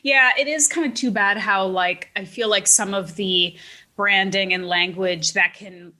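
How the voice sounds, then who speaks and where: A woman's voice: medium pitch, unhurried, bright, forceful tone. A woman hosting a podcast, chatting casually and upbeat with plenty of fillers. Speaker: podcast host.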